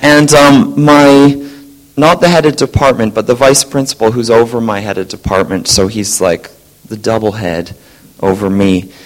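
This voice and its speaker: Guy telling a group about his day at school, lively, does little voices for people. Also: lowish voice, normal speed, poor audio. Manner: animated, acts out quoted voices. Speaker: science teacher sharing a testimony. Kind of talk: casual storytelling to a group.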